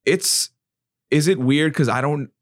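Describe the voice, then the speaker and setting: Give me an animated man in his thirties chatting casually, dry sound. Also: on the high side, a little slow, no echo. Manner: animated, profane, acts out quotes in raised voice. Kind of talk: casual chat.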